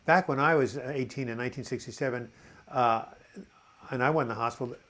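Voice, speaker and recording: A man in his seventies hosting a live chat, reading viewer comments aloud and answering them in a halting, encouraging way. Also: mid-range voice, fairly bright tone. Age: 70s. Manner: halting, frequent uh and repeated words.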